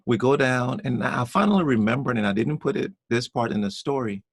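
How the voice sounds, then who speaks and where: Gravelly man telling a story. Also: mid-range voice, fairly quick, no room sound. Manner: repeats and restarts words, animated when telling stories. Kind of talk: casual conversation, personal storytelling.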